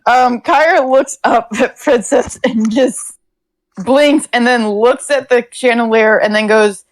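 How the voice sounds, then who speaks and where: A woman narrating a tabletop game as game master, lively and often laughing. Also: fairly high pitch, a little slow, low-quality recording.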